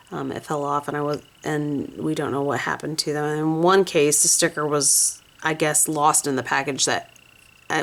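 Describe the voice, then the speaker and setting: A woman casually talking through her nail polish swatches at home, slow and rambling with restarts. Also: creaky. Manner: soft high cooing baby talk to her cat. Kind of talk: casual swatch video chat.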